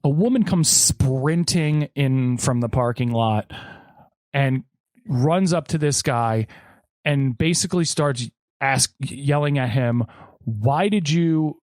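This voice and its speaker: Speaking slowly in a darkish, medium-pitched voice with no echo, this man co-hosts a podcast. During casual chat he spins a story and voices each of the people involved.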